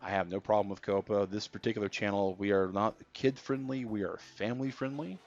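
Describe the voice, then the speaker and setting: Chatty low-voiced male game streamer. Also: fairly even intonation, fairly quick. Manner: chatty, reads out viewer comments. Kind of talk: casual gameplay commentary. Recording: dull lo-fi stream audio with faint music.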